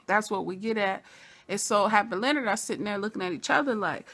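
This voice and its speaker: A woman giving a chatty, casual recap of a TV episode, full of "you know" asides and sudden bursts of excitement. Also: medium pitch, brisk. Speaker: TV episode reviewer.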